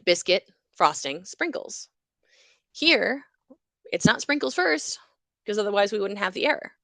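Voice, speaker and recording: A woman who is a university psychology lecturer, explaining everyday speech errors in a lively way and acting out examples. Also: medium pitch, normal speed, dry recording. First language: English.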